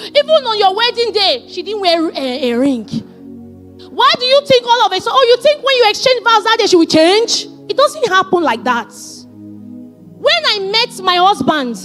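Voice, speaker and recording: A woman, giving an animated talk on marriage into a handheld mic. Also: very high-pitched. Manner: animated, dramatic retelling. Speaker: speaker on marriage. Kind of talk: storytelling talk.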